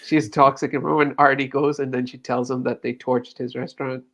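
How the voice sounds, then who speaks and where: A man of mid pitch talking in a relaxed discussion. He speaks animatedly and keeps quoting what characters said. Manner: animated, quick to quote scenes. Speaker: podcast guest. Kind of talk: casual discussion.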